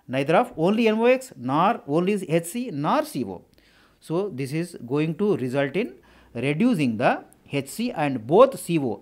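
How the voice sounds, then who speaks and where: A man with an Indian English accent, teaching exam prep and walking students through engineering questions, repeating phrases and asking rhetorical questions. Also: fairly high pitch.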